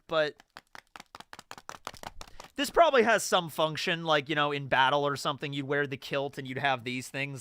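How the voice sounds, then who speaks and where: A young adult man hosting a live stream, chatting casually and excitably with frequent laughter. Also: a little high, a little hiss or hum. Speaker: streamer host.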